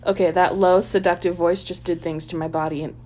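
A woman's voice: lowish voice, steady tone, brisk, a little mellow, slight background noise. A woman co-hosting a podcast, reading a trashy novel aloud with sarcastic, giggly asides. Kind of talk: mocking dramatic reading with commentary.

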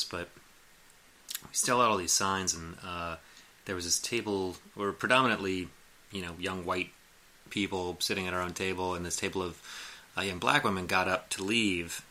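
A man's voice: deep voice, sharp tone. A man in his late thirties telling a long rambling story in casual chat, laughing often and acting out what people said. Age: late 30s.

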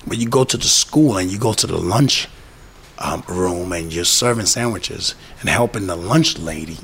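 Low gravelly new guy, boxing trainer, emphatic and repetitive, faint hiss behind. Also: normal speed, a bit bright. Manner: emphatic, repeats key phrases, acts out quoted people. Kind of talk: casual conversation.

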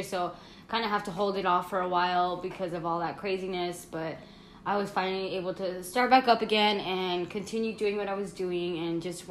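A woman's voice: on the low side, roomy sound, slight background noise. A woman hosting her own podcast in casual, rambling chat full of fillers, talking while she eats at home. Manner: chatty, rambling, many fillers and laughs. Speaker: podcast host.

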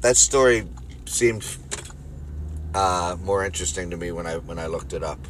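A man with a Philadelphia accent hosting a solo podcast from his car, rambling crudely and jokingly between loud bursts and mutters. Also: sits low, normal speed, slight background noise. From Philadelphia area. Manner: rambling, crude, jokey, swings loud and quiet. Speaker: podcast host. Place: car on the road.

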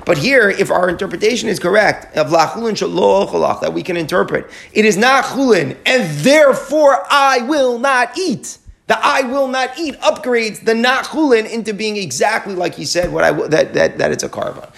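A man with a high, expressive voice leads a Talmud study class, speaking a little fast with vocal fry, few pauses, and a slightly bright tone. He walks through the argument step by step, quoting short Aramaic phrases, translating them, and often repeating key words.

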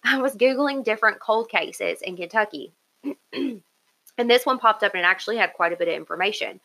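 A woman co-hosts a podcast in loose, casual chat. She talks in an excitable, chatty way and giggles often. Her voice is bright and forceful. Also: medium pitch, a little fast, poor audio. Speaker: podcast co-host.

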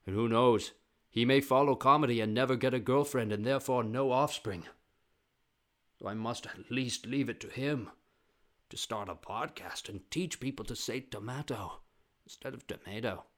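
A man's voice: mid-range voice, normal speed, natural voice. A man putting on the voice of a grandiose, theatrical father who makes solemn proclamations.

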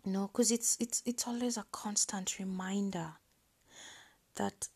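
In a steady, mid-pitched tone, a woman talks through a personal story on her podcast. Her delivery is soft, breathy, and near-whispered, halting and full of hesitant pauses.

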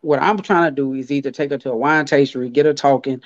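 A man co-hosting a casual podcast chat, animated and slangy, often repeating his phrases. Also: mid-range voice, fast talker, dry recording, muffled recording. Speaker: podcast co-host.

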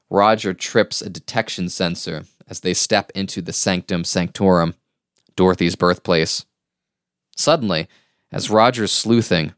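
A man's voice: sits low, smooth, no echo, studio quality. A man co-hosting a podcast, reading a plot recap with casual asides. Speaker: podcast co-host.

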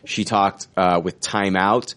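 A man co-hosting a casual fan podcast, his voice sitting a little low. He talks loosely and excitedly, rambling through his thoughts and swearing casually. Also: takes it slowly, clean tone. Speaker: podcast co-host.

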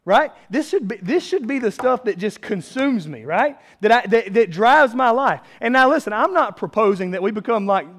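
A man's voice: high voice, expressive, moderate pace, few pauses, fairly bright tone. A man in his thirties preaching a sermon as a pastor, conversational and self-deprecating, building to emphatic peaks.

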